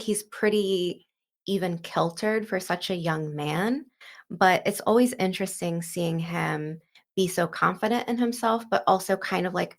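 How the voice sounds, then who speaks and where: A woman hosting a casual book breakdown in a chatty way, with plenty of filler words. Her voice sits low with noticeable vocal fry. It is relaxed and conversational. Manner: chatty, many fillers like "like" and "kind of". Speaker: book discussion host.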